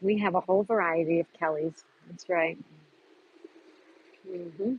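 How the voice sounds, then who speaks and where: A woman with a husky, medium-pitched voice, speaking a little slowly, hosts a casual outdoor livestream from a park. She chats and greets viewers by name while reading their comments. The recording is dry and rough.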